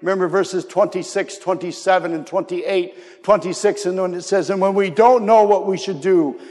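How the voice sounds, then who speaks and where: A man with a high-pitched voice preaching a sermon. He is earnest, drops into soft, low asides, and rises to sudden shouts. A long reverb from a large hall trails behind his words. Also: moderate pace. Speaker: pastor.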